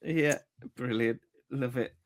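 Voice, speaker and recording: A man's voice: mid-range voice, slow. A man co-hosting a podcast, chatting casually and reading out listener comments with easy laughs. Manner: chatty, laughs easily, many fillers. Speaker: podcast co-host.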